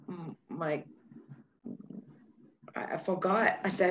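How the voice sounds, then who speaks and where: A woman chatting casually, telling a story with lots of laughter and lively acted-out quotes. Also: lowish voice, slow, pauses often. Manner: animated storytelling, laughs often. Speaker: guest. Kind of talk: casual chat. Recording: dull lo-fi sound, faint noise.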